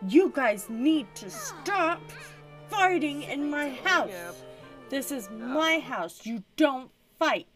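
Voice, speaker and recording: A woman's voice: high voice, animated, slow pace. A woman voicing a stern elderly mother in a life-sim game, scolding in a firm way. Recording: music playing behind.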